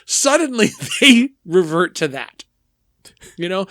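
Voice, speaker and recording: Animated man in casual film chat. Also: sits high, slow pace, no echo, studio quality. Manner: animated, rambling, emphatic with restarts. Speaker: podcast co-host.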